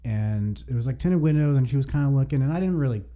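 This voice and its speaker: Male podcast co-host, deep mellow tone, loose chatty storyteller. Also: expressive, quick pace. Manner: rambling storyteller, frequent "like". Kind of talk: casual chat.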